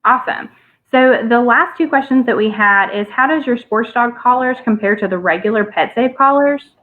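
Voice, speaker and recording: A woman moderating a training session, reading out questions with hesitant pauses and fillers. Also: a little high. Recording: tinny phone-like line.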